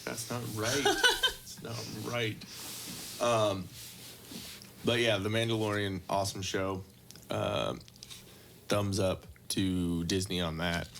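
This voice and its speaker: Animated young man, swearing and laughing. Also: lowish voice, slow, gravelly, pauses often, background noise. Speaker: podcast co-host. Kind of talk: casual chat.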